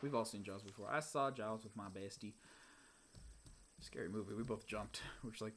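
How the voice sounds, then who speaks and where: Gaming streamer, casual let's play chatter, excitable, rambling, lively up-and-down voice, whispers then outbursts. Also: mid-range voice, brisk, slight background noise. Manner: excitable, rambling, swings between muttered whispers and loud outbursts.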